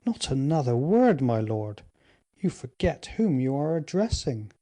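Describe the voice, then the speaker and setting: Aging royal woman, dignified and gently stern, mellow low tones, read by a male narrator. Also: very animated, a little slow.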